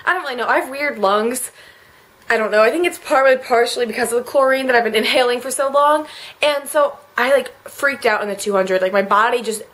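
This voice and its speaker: A teenage girl speaks straight to her camera in a confessional vlog, her voice sitting a little high. She rambles and leans on filler words, and she sounds close to tears the whole way through. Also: fairly quick, fairly bright tone. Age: late teens. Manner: rambling, emotional, many "like" fillers. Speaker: vlogger.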